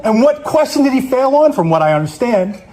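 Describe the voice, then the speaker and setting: A man's voice: very high voice, big pitch swings, a little fast, dark tone, slight background noise. A man giving an angry, accusatory public comment speech, swearing as he denounces the police.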